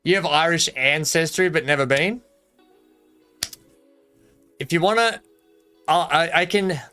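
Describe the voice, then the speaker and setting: Man, Australian accent, young adult, bright edgy voice, casual jokey live-stream chat, faint music behind. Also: a little high. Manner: jokey, rambling, laughs often, reads chat aloud. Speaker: game streamer.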